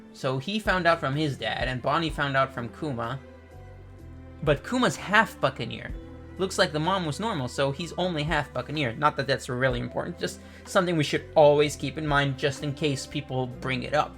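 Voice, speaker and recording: A man's voice: fairly high pitch, normal speed, fairly bright tone, soft background music. A man casually reacting to and reviewing a manga chapter, thinking aloud and correcting himself as he goes.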